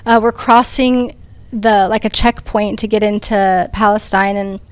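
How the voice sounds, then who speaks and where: A woman's voice: medium pitch, fairly even intonation, measured pace, clean tone, no echo. A woman on a discussion panel, telling her own story in an earnest, conversational way with frequent ums and restarts. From United States. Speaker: panel speaker. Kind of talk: personal testimony in a panel discussion.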